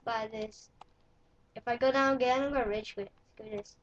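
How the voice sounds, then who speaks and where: Excitable high-voiced woman gaming. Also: fairly quick. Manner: excitable, shrieks and yells when in danger; playful, swaps swearing for mild words. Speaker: gameplay commentator. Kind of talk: casual gameplay commentary. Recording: dull lo-fi recording with faint noise.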